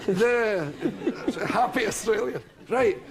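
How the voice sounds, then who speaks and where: A man's voice: high voice, slow pace, a loud crowd, very noisy. A Scottish man telling comic stories as a talk show guest, laughing through them. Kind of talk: comic storytelling. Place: television studio with audience.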